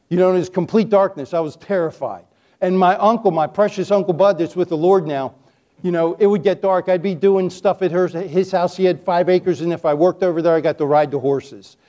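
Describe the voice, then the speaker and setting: Male preacher, middle-aged, folksy storyteller; mellow, slightly higher voice. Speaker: preacher teaching on testimony. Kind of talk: folksy sermon.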